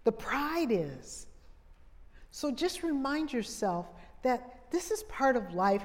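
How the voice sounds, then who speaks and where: A woman's voice: high voice, big pitch swings, takes it slowly. A middle-aged woman giving a humorous, folksy talk at a women's conference, speaking straight to the audience. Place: large hall with an audience. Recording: long hall reverb.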